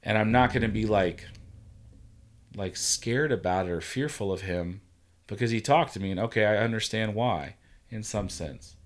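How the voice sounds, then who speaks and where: A man hosting a casual talk, telling a story in an animated way, acting out the quotes and swearing freely. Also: fairly low pitch, normal speed. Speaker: podcast host. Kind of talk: casual conversation.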